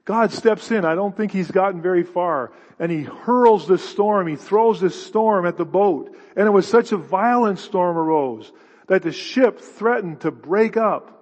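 Man preaching with lively restarts. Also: sits high, unhurried. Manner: animated, conversational preaching with many restarts. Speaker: pastor. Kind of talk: expository sermon. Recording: dull hall reverb.

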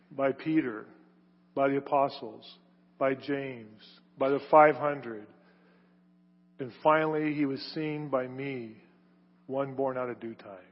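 A man preaching a sermon emphatically, building to loud stressed words and then dropping low. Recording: reverberant hall, dull lo-fi sound.

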